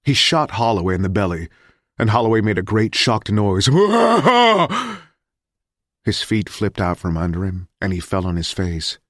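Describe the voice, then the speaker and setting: A man reading a thriller audiobook in a measured, grim narration. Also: low voice, fairly even intonation, fairly bright tone, no room sound, studio quality.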